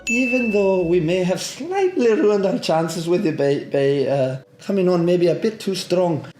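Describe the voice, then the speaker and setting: A man's voice: sits high, expressive, a little slow, darkish tone. Playful young man hosting improv, echoey room. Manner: playful, slipping into put-on accents for a scene. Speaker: host. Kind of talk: improv comedy game. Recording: echoey room with music behind.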